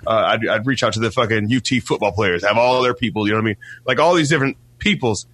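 Emphatic, swearing man with a bright voice. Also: fairly low pitch, quick pace. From Toledo, Ohio area. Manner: loud, emphatic, swears constantly. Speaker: radio show host. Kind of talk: casual profane chat.

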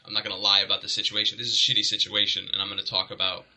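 Fast, bright-voiced comedian talking shop. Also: male voice, on the low side, level tone, poor audio. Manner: candid, reflective, sometimes swearing. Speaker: guest comedian. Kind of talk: casual chat.

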